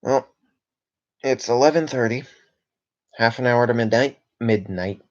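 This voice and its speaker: Speaking at a medium pitch and a measured pace, a young man from Canada hangs out on a livestream with dull-sounding audio. He wanders between topics, reads chat messages aloud, and leans heavily on filler words.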